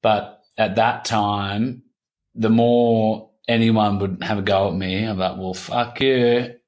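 A man in his thirties talking candidly as an interview guest, halting and repeating himself, swearing casually. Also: fairly low pitch, little pitch movement, darkish tone. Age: 30s. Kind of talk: candid personal conversation.

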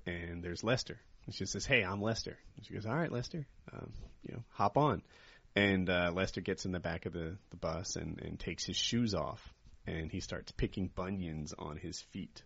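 A low, gravelly male voice that rambles through a long joke and bursts into loud laughter. The recording is dull and lo-fi with a faint hiss behind it. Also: no echo. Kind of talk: casual chat among friends.

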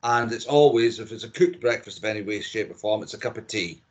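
A man's voice: on the low side, fast. A middle-aged man with a Scottish accent, chatting casually as a podcast guest, opinionated and prone to repeating himself. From Scotland.

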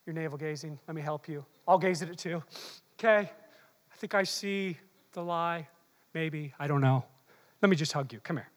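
A preacher imitating an overly consoling pastor, speaking softly and low in a reverberant hall. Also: moderate pace, pauses often, lightly acted. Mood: soothing. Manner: soft, low and hushed.

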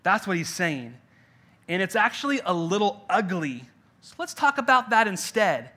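Casual young pastor guy, bright high-ish voice, lots of "like", laid-back sermon to a church crowd. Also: big pitch swings, normal speed. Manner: conversational, jokey, lots of "like" fillers. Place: church in-person gathering.

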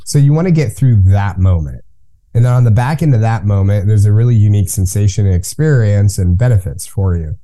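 A man being interviewed as a guest, explaining his routine in a calm, instructive way. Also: on the low side, fairly quick. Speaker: guest, cold plunge business owner. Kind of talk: conversational interview.

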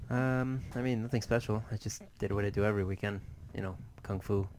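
A man's voice: lowish voice, fairly even intonation, fairly quick, a little mellow, a little hiss or hum. A young man co-hosting a podcast, teasing and dry in casual chat. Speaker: podcast co-host.

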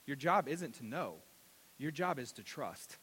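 Man preaching, bright forceful voice, animated, repetitive, echoing large hall. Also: mid-range voice, measured pace, slightly rough. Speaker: pastor. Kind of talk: sermon. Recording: long reverb of a large hall.

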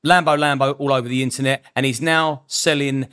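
A man's voice: medium pitch, steady tone, a little fast, a bit bright, clear, resonant tone. A man from England hosting a podcast, who sums up and probes the guest's story, often repeating his words as he starts. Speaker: podcast host. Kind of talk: interview questions.

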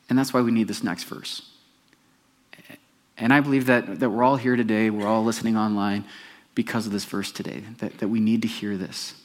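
A man's voice: lowish voice, fairly even intonation, brisk. A male pastor giving a conversational sermon, often putting questions to the congregation.

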